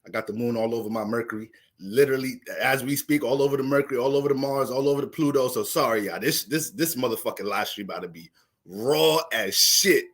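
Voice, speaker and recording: A young man casually talking through an astrology livestream, profane and animated, laughing often. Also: mid-range voice, fast talker.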